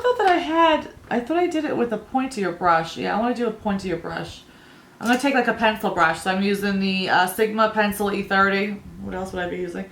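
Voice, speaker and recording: A woman in her thirties talks her way through a makeup tutorial, wandering off into chatty family stories and laughing at them. Her voice sits at an ordinary middle pitch, and it rings a little in an echoey room. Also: a bit bright. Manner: rambling, storytelling, laughs at own stories. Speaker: beauty vlogger.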